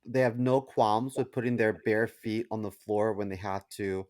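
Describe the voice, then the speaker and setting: A man co-hosting a podcast in casual chat, teasing his partner and telling stories quickly. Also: on the low side, fairly even intonation, a little mellow, dry recording, studio quality. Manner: teasing, quick, mocking retellings. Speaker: podcast co-host.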